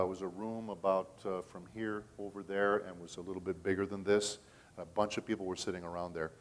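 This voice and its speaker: A middle-aged man who works as a voice actor, telling stories at a convention panel in a chatty way and checking in with the audience often. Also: fairly low pitch. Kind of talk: casual panel talk.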